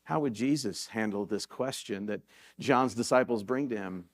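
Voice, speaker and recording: In a church sanctuary, a male pastor delivers a sermon, telling stories in a relaxed, conversational manner and repeating key points for emphasis. His pitch is fairly low and his pace moderate.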